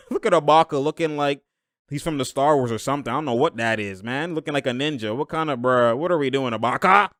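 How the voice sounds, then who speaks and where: A young man reacting live to a basketball game, excitable and slangy, laughing often and yelling at plays. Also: medium pitch, fairly quick, no echo, clean studio sound.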